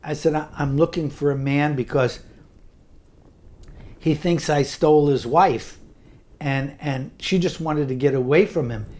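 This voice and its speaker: A man's voice: fairly high pitch, measured pace, long pauses, darkish tone. An older man narrating his own memoir in an earnest, conversational way, often restarting his words. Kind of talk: personal storytelling narration.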